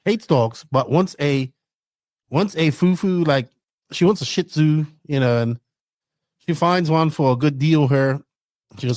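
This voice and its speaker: A middle-aged man hosting a podcast, chatting casually and telling stories in an animated way, swearing freely. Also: on the high side, a little slow, long pauses, no echo. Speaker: podcast host. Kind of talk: casual chat.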